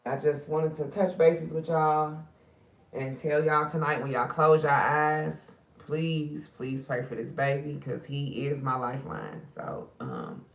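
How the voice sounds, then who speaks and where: A tired spiritual card reader and channel host talks at night in a casual, emotional vlog, addressing her viewers directly as sisters. Her voice is low, unhurried and fry-laden, captured from a distance in a reverberant space with dull audio.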